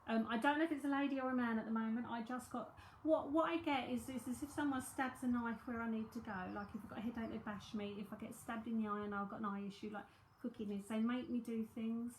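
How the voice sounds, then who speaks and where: London lady doing a psychic reading, rambly and chatty, voice a bit on the high side, roomy echo. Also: steady tone, fast talker, few pauses, a little hiss or hum. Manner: chatty, rambling, thinking aloud with many fillers. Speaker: psychic medium. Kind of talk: live-streamed reading, casual chat.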